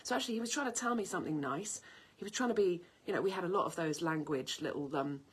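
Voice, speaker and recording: A woman's voice: on the low side, fast, husky. A woman in her fifties chatting casually to camera from her kitchen, rambling from one story to the next. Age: 50s. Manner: chatty storyteller, wanders off topic. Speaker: health and cooking vlogger. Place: home kitchen in the countryside.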